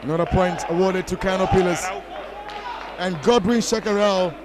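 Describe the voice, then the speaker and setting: Brief: male sports commentator, very high voice, excitable, shouts on the big plays. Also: normal speed, crowd noise, poor audio. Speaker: volleyball commentator. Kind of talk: live play-by-play commentary. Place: commentary box at an indoor sports hall.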